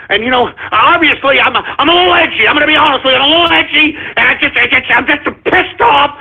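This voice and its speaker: A man voicing a frantic, short-tempered male radio sidekick in a whiny, shouting rant. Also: very high voice, vocal fry, heavily acted. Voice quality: whiny, shouting, exasperated ranting. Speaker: radio show regular. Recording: tinny phone-like audio.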